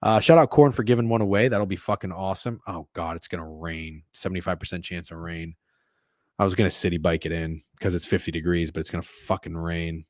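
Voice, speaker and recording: A man's voice: low voice, steady tone, a little fast, no echo, studio quality. A man hosting a sports betting livestream, chatting loosely and profanely with his viewers. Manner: loose and profane, joking with chat. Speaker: sports betting stream host. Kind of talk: casual livestream chat.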